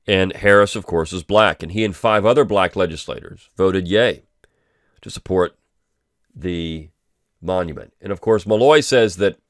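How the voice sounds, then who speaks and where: Deep-voiced man in dry casual commentary. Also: moderate pace, no echo. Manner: loose and conversational, with frequent ums and restarts. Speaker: host of a weekly review podcast.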